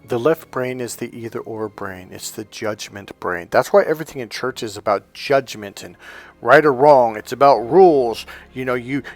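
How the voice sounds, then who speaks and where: A man's voice: mid-range voice, moderate pace. A middle-aged man, a life coach, delivering an emphatic, preachy motivational monologue full of storytelling.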